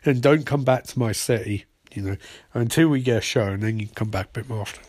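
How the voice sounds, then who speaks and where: A man loosely voicing a gruff, fed-up older police captain in a TV recap. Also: mid-range voice, quick pace, a little mellow, close to an everyday voice. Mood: grumbling.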